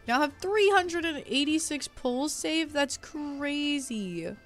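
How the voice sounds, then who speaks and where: A young woman streaming a game, chatting casually in slang, reading chat aloud and bursting into loud reactions. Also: high-pitched, very animated, slow pace, few pauses, soft background music.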